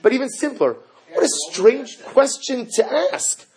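A man giving a lively Torah class, asking rhetorical questions and mixing in Hebrew terms. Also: very high voice, a little slow. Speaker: rabbi teaching Torah.

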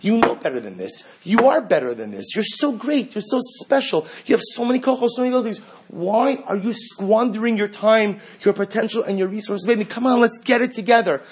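A man's voice: high voice, lively intonation, brisk, few pauses, a little hiss or hum, pitched above the performer's own voice. A man voicing a loving female inner voice that coaxes and pleads. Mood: pleading. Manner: coaxing, pleading, affectionate.

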